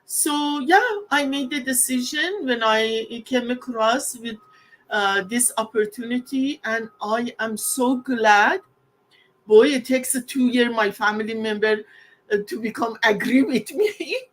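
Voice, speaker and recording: Woman around sixty, unhurried delivery, fairly high voice, earnest and heartfelt, non-native English phrasing, personal testimony. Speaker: guest.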